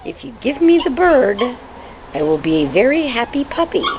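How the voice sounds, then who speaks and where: A woman's voice: high voice, big pitch swings, normal speed. A woman doing a whimpering, begging puppy. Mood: pleading. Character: whiny pleading male puppy begging for a bird. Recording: dull noisy home video.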